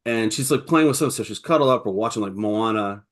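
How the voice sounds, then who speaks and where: A man co-hosting a podcast, telling a story in an animated way and often stumbling and repeating words, over a video call. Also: fairly low pitch, a little fast. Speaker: podcast co-host. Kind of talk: casual chat.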